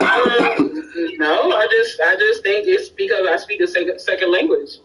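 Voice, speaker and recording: A man's voice: high-pitched, normal speed, pushed and bright, recorded from a distance, low-quality recording. A man from Miami with a Miami accent, chatting casually and hesitantly, with frequent restarts and fillers. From Miami, Florida. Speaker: conversation partner. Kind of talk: casual chat.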